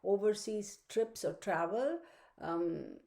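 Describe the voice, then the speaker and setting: A woman's voice: medium pitch, expressive, slow, vocal fry, dark tone. Chatty woman giving a home astrology forecast. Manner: chatty, rambling, lots of fillers and asides. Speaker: astrology reader. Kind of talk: casual astrology forecast monologue. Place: home room with her dog. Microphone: computer microphone.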